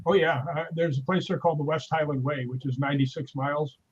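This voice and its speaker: A man's voice: a little high, fast talker, breathy edge, lo-fi sound. A man telling stories in casual chat on a live stream, acting out the voices he quotes. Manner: animated storyteller, acts out quoted voices. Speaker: guest.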